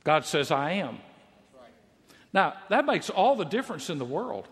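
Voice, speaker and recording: A man's voice: high voice, very animated, brisk, fairly bright tone. A man preaching a sermon, emphatic, repeating key phrases for stress. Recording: long reverb of a large hall.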